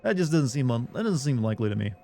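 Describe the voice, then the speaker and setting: A man's voice: medium pitch, big pitch swings, rapid-fire, creaky, mellow, a little hiss or hum. A man streaming a game who argues with his chat in a casual, sarcastic way, swearing freely and sounding incredulous.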